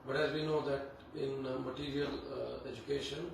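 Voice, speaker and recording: Teacher, man, gravelly low voice, casual class talk, recorded far off in an echoey temple hall with noise. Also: little pitch movement. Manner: unhurried, conversational, many fillers. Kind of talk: devotional class talk with Sanskrit chanting. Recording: echoey hall, distant mic, background noise.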